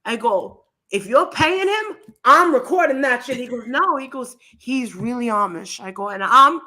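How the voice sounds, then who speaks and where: A woman with a high voice tells a rambling story in casual chat. She swears freely, laughs through her lines and drops into a low voice to quote others. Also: lively intonation, moderate pace, bright, forceful tone.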